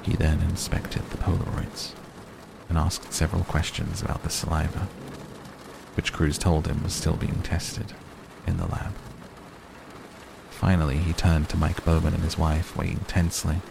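A man with a very low, gravelly voice narrates an audiobook in a steady, even reading. There is clear noise in the recording. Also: moderate pace. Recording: noisy recording.

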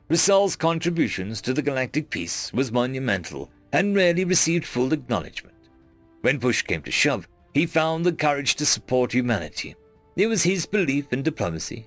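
A man reading a first-person science fiction story aloud in an earnest, expressive storytelling manner. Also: medium pitch, no room sound. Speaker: narrator. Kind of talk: first-person audiobook narration.

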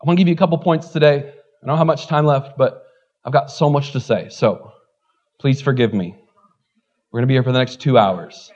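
A man preaching a sermon as pastor, animated, swinging between loud exclamations and quieter asides. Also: mid-range voice, fairly quick, dull audio.

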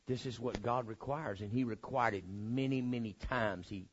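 A man's voice: mid-range voice, moderate pace, dull audio, slight background noise. A male preacher giving a folksy, humorous sermon in a church, repeating phrases for emphasis. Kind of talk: sermon with storytelling.

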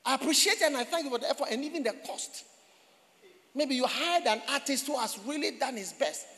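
A man's voice: extremely high pitch, expressive, a little fast, sharp tone, long reverb tail, a little hiss or hum. A man preaching a sermon in a church, talking in a conversational way, repeating phrases and asking the congregation questions. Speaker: pastor.

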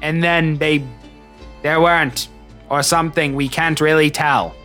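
A man's voice: fairly high pitch, flat delivery, unhurried, bright, forceful tone, faint music behind. A man narrating as game master in a tabletop game, loose and joking with hesitations.

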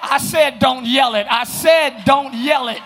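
A man preaching a live sermon as pastor, shouting and calling out to his congregation. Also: extremely high pitch, unhurried, slight background noise. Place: church sanctuary.

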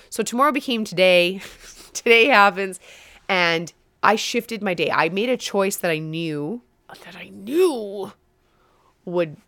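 A woman talks alone into a close mic as a podcast host, her voice sitting on the low side. She tells her own story candidly and animatedly, poking fun at herself. The sound is dry, with no room around it. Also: no room sound. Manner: candid, animated, self-mocking storytelling with laughs. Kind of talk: solo podcast monologue.

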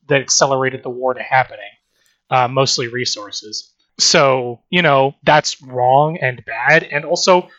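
Bright-voiced rambling podcast co-host. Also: medium pitch, no room sound, lo-fi sound. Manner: rambling, swears freely, exasperated critique. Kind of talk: casual chat.

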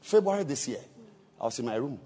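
A man's voice: mid-range voice, quick pace, breathy edge. A man preaching as a bishop, telling stories animatedly and acting out dialogue with many repetitions. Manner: animated, acts out dialogue, repeats words. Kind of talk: sermon storytelling.

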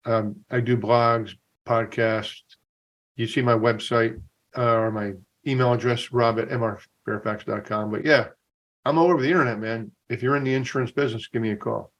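A man's voice: mid-range voice, steady tone, normal speed, a bit bright, lo-fi sound. A man, a recruiter and career coach, chatting enthusiastically as a podcast guest. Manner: enthusiastic, conversational, recounts stories. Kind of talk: casual podcast interview.

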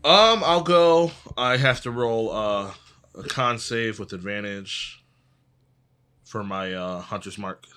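A man's voice: fairly low pitch, slow, pushed and bright, clean tone. A man casually playing a tabletop game, calling out rolls with fillers. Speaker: player.

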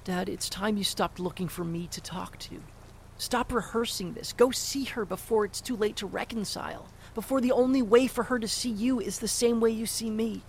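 Casting: a man as a sharp-tongued grown son in an audio drama, high voice with a gravelly edge. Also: moderate pace, slight background noise. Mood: quiet. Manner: blunt, cursing, cutting sarcasm. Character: grown son, bitter and sharp-tongued toward his father. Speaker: actor in an audio play.

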